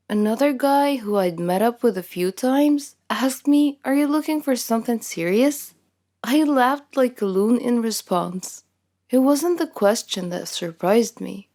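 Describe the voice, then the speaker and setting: A woman's voice: a little high, a little mellow. A young adult woman narrating a first-person story from a script, candid and self-deprecating.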